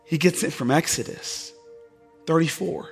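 A man preaching a sermon as pastor, impassioned and swinging from loud, fervent passages to hushed, tender ones. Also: fairly high pitch, a little slow, gravelly, soft background music.

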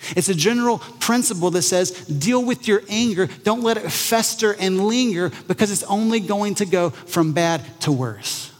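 A man preaches to his congregation in a casual, conversational way, slipping into lively voices when he quotes people. His voice sits a bit high for a man. A long reverb trails his words, as in a large hall. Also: normal speed, few pauses. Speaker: pastor. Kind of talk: sermon.

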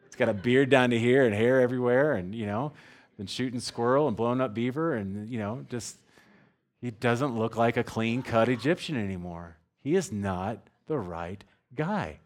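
A man's voice: medium pitch, normal speed. A man preaching a sermon in a conversational way, with strings of rhetorical questions and frequent "right?" check-ins. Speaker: pastor.

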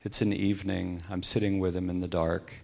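A middle-aged man giving a reflective personal testimony as a guest speaker, dropping to a hushed tone when he quotes others. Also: sits low, flat delivery, brisk, vocal fry. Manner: reflective storytelling, quoting others in hushed tones.

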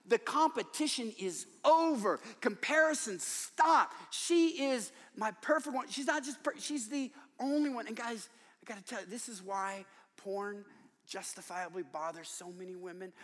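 A man's voice: sits high, fairly bright tone, long reverb tail. An older man preaching a sermon in a large church, telling stories with humor and emphasis. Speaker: conference speaker and author.

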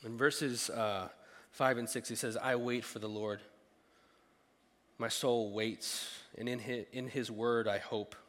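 A middle-aged man preaching a sermon as a pastor, animated, with playful asides and acted-out voices. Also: medium pitch, slow. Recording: long reverb of a large hall.

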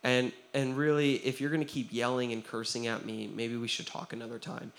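A man's voice: medium pitch, steady tone, moderate pace, vocal fry, hardly any pauses. A young man preaching a sermon as pastor, conversational and earnest, often checking in with "right?" and acting out quoted voices. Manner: acts out quoted voices, drops to a quiet tone for serious stories.

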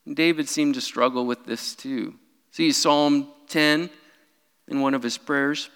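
A young man preaching a sermon in a church, animated, with his voice rising whenever he quotes someone crying out. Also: medium pitch, unhurried, clear, resonant tone. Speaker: pastor. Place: church sanctuary. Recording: long hall reverb.

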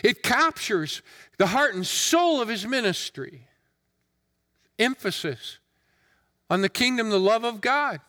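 A male preacher giving an earnest, emphatic sermon in a deliberate manner. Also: very high-pitched, expressive, pushed and bright. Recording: long hall reverb.

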